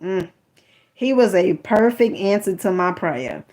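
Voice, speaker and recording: A woman's voice: mid-range voice, sing-song, measured pace, a little mellow. A woman reading a book aloud to her listeners, stopping often to add sassy, chatty remarks, calling them honey. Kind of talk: casual commentary while reading aloud.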